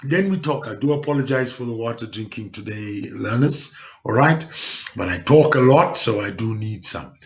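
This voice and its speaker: A man's voice: mid-range voice, expressive, normal speed. A South African man teaching a geography lesson, who explains step by step, repeats points for emphasis and keeps checking that his learners follow. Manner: explains step by step, with frequent tag questions to check understanding. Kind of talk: recorded classroom lesson.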